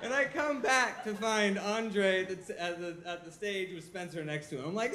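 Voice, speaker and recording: A man's voice: high voice, moderate pace, hardly any pauses, bright, forceful tone. A young man telling a funny personal story on stage at a live show, self-mocking and laughing as he goes. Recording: echoey live room with audience noise.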